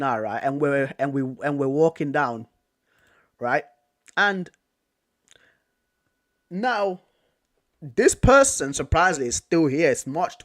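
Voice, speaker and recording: Man, young adult, British accent, from Manchester, higher-pitched, casual vlog storytelling, slangy, repetitive. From Manchester, England. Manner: animated, repetitive, slangy retelling. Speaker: vlogger.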